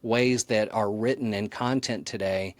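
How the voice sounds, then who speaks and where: Speaking unhurriedly in a steady, low-leaning voice, the man shares his thinking as a guest on a podcast. The recording is dry, and as a marketing author in a conversational interview, he comes across as earnest and reflective.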